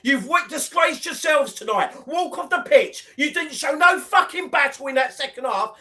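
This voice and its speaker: High-voiced man ranting furiously. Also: pushed and bright. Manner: heated, sweary, repetitive ranting. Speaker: football fan co-host. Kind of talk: angry live match watchalong rant.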